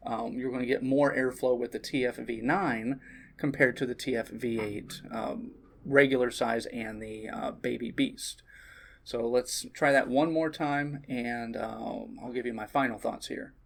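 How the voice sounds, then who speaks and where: A man's voice: mid-range voice, steady tone, a little slow, creaky, a bit bright. Easygoing man reviewing a product. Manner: easygoing, with frequent ums and uhs. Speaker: vape shop staff reviewing products.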